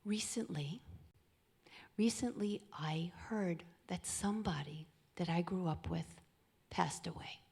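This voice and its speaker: A woman giving an inspirational talk at a deliberately slow pace. Her voice is husky and soft, and she often sinks into an intimate near-whisper to draw listeners in. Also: fairly low pitch. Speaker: speaker at a charity event.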